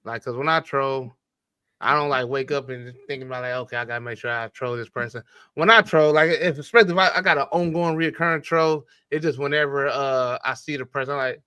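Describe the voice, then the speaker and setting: A man in his thirties co-hosting a podcast, slangy and quick to laugh in casual chat. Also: fairly high pitch, steady tone, bright, forceful tone, clean tone, dry recording. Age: 30s. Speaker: podcast co-host.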